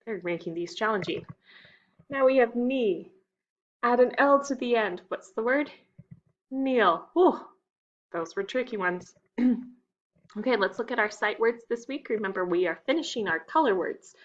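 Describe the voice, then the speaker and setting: A woman's voice: a little high, lively intonation, moderate pace, long pauses, muffled recording. A woman teaching young children a phonics lesson, patient and stretching out the key words.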